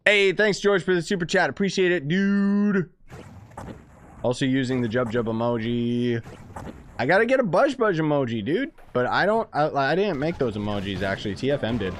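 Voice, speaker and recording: A man live-streaming a game, chatting casually and excitedly with viewers as he plays and rambling between topics. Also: mid-range voice, no echo. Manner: excitable, rambling, chats with viewers while playing.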